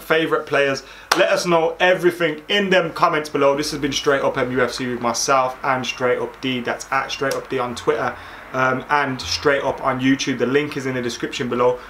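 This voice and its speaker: A man's voice: medium pitch, bright, forceful tone, slight background noise. A man co-hosting a casual football podcast, talking in loose, slangy banter. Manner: laid-back, slangy banter. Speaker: podcast co-host.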